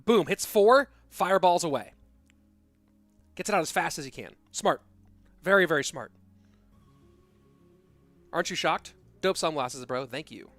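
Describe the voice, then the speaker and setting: A man casting a live esports match, with excitable play-by-play and rambling asides. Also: fairly high pitch, a little slow, long pauses, no room sound, soft background music. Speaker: esports caster. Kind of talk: live game commentary.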